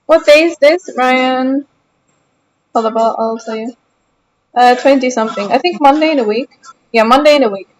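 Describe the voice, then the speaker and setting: A woman's voice: sits high, moderate pace, pauses often, a little hiss or hum, poor audio. A young woman streaming a game from her sofa at home, chatting casually and answering her chat aloud in a playful, defensive way. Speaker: gaming streamer.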